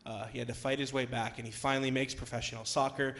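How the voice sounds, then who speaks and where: A young man preaching as a youth pastor, telling a story in a conversational way with many fillers, then rising to loud, emphatic passages. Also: medium pitch, level tone, quick pace. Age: young adult. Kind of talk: sermon with storytelling.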